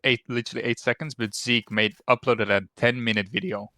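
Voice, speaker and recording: A man's voice: medium pitch, fairly even intonation, a little fast, sharp tone, no echo, clean studio sound. A man with a Dutch accent, co-streaming in casual chat, rambling with lots of fillers and restarts.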